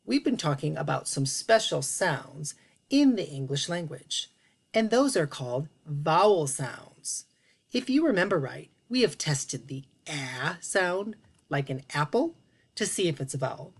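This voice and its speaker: Slow, patient woman teaching children. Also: sits low, big pitch swings, vocal fry, husky. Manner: patient, encouraging, speaks to young children. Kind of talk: children's phonics lesson.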